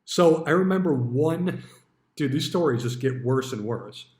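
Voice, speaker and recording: A man tells stories from his years as a stockbroker in a blunt, offhand way, and swear words come easily. His pitch sits in the middle. The recording has a roomy echo. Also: expressive, unhurried, a little mellow. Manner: blunt, swears freely, acts out quoted dialogue. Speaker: retired stockbroker telling stories. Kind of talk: casual storytelling monologue.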